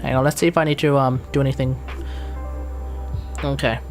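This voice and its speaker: Australian streamer, rambling casual chat, exasperated, mid-pitched, faint music behind. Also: little pitch movement, brisk. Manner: rambling, exasperated, mild swearing. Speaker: live streamer.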